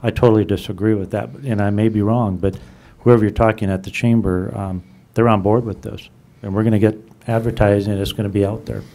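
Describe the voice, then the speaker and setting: Low, mellow-voiced man at a council meeting. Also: fairly even intonation, creaky. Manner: halting, many restarts and fillers, insistent when challenged. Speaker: council member at a city meeting. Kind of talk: unscripted council discussion. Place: council chamber.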